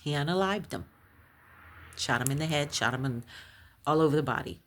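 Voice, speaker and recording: A woman recounting a personal paranormal experience, animated and halting, with many restarts when shaken. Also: a little hiss or hum. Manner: animated storytelling, acts out others' voices in high shrieks. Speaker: storyteller.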